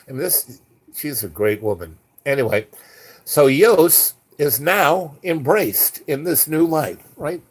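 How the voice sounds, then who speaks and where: A man spinning a casual anecdote, voice at an ordinary middle pitch. He rambles, doubles back and restarts mid-sentence, keeping the talk loose and conversational. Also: lively intonation, slow pace. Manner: rambling, with many restarts and fillers. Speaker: storyteller.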